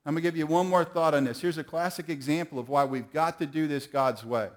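A man's voice: on the high side, fast talker. A middle-aged man preaching a sermon, telling folksy stories and calling on the audience to answer. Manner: folksy storytelling, calls on the audience.

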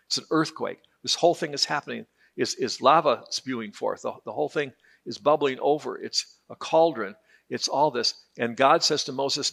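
A man's voice: medium pitch, creaky, a bit bright. A man teaching a Bible class in a conversational, joking way, often repeating words as he restarts.

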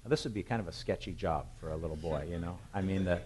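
A man preaching a sermon, retelling a Bible story with animated, emphatic storytelling. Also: deep voice, fast talker, poor audio. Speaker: pastor.

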